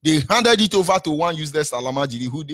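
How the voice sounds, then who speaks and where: Impassioned Nigerian talk-show host. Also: male voice, on the high side, animated, fast talker, fairly bright tone, no echo, studio quality.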